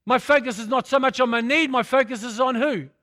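A man's voice: very high-pitched, brisk, bright, forceful tone, dry recording, studio quality. A man preaching a sermon, repeating phrases for emphasis and calling out to his congregation.

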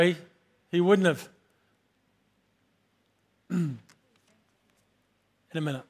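Emphatic high-voiced male preacher. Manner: emphatic, builds to loud high peaks. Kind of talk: sermon. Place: church.

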